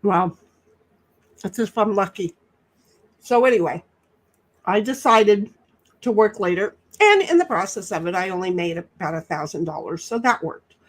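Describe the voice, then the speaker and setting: A woman's voice: mid-range voice, expressive, normal speed, long pauses. A woman hosting a livestream in casual, rambling chat, talking while she eats. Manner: rambling, chatty, talks while eating. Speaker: livestream host.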